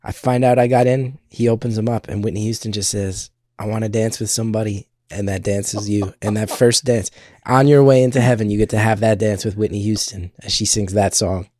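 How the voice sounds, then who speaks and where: A man, a comedian guest on a podcast, chatting casually and telling stories in a playful, animated way. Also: lowish voice, fairly quick, no echo, studio quality. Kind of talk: casual chat.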